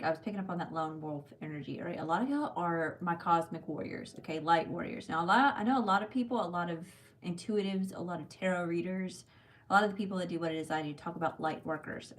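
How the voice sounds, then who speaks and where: This is a woman in her thirties with a drawl, hosting a live tarot reading. Her voice sits a little low, and she talks in a loose, rambling way, calling her viewers "y'all" and tagging "okay?" onto her points. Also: a little hiss or hum. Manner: chatty, warm direct address with many "okay?" and "y'all". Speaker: tarot reader on a livestream.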